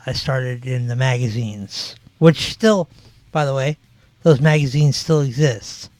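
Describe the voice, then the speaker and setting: A man's voice: mid-range voice, unhurried, darkish tone, no room sound. A man in his forties hosting a podcast, telling rambling stories in casual chat with lots of fillers. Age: 40s. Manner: rambling, filler-heavy storytelling. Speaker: podcast host.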